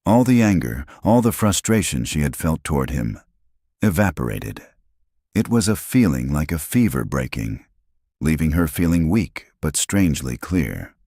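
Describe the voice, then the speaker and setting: Extremely deep-voiced male story narrator. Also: sing-song, moderate pace, mellow, husky, no echo, clean studio sound. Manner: dramatic, suspenseful delivery.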